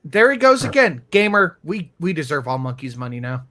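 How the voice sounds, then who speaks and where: A man's voice: fairly high pitch, big pitch swings, normal speed, sharp tone. A man co-hosting a livestream chat, teasing the host bluntly and swearing freely. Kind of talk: casual chat.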